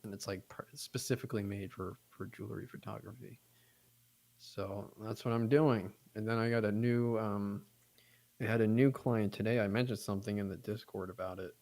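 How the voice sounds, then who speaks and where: A man's voice: fairly low pitch, moderate pace, creaky. A young adult man casually telling a long, profane story on a podcast, acting out the people he quotes. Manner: rambling, profane, animated retelling with quoted voices. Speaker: podcast co-host.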